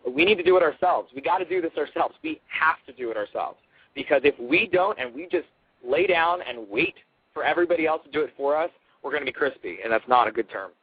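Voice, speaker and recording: A man's voice: fairly high pitch, lively intonation, fast, husky, dry recording. A man guesting on a radio show, speaking urgently with many stops and restarts. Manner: urgent, repeats and restarts words. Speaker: guest, activist. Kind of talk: radio phone interview. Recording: narrow phone-line sound.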